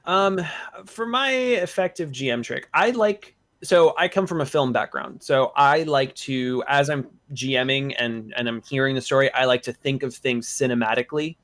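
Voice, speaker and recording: A man's voice: mid-range voice, moderate pace, a bit bright. A man on a game master panel, speaking thoughtfully and questioning the terms of the discussion. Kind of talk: casual panel chat.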